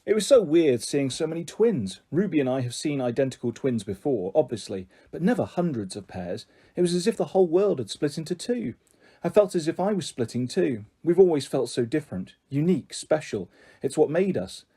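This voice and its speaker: A man reading a children's novel aloud in a gentle first-person narration. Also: a little high, big pitch swings, a little fast, breathy edge. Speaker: storyteller.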